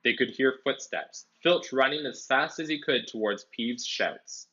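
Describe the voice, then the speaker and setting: A man reading a storybook aloud, pausing to explain words in simple terms. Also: mid-range voice, husky. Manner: animated, explains words as he reads. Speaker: storybook reader. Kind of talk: read-aloud with explanatory commentary. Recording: dull lo-fi recording.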